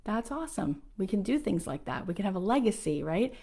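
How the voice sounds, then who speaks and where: A woman's voice: medium pitch, sing-song, brisk, dark tone. A woman in her thirties hosting a motivational talk, enthusiastic and conversational, often saying "like". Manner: enthusiastic, conversational, uses filler "like". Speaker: host.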